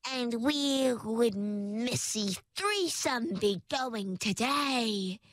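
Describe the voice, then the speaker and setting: Storybook wraith, male, raspy and nosy, drawls smugly at an unhurried pace, as a woman reader puts him on. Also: on the high side, expressive, no echo. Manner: slow, drawling, self-satisfied. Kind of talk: storybook narration.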